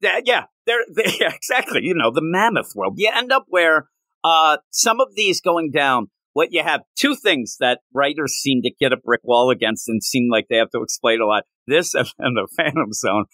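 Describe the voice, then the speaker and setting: Brief: lively male comics podcaster, bright tone, jokey riffing, dry close mic. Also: a little high, normal speed, dry recording. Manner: animated, jokey, puts on silly voices while riffing. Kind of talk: casual chat.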